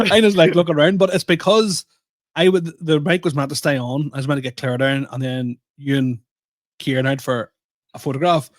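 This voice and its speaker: A man's voice: on the high side, fairly even intonation, normal speed, no room sound, studio quality. A young man co-hosting a podcast, telling stories in a rambling, self-deprecating way with lots of restarts. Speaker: podcast co-host and comedian. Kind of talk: casual chat.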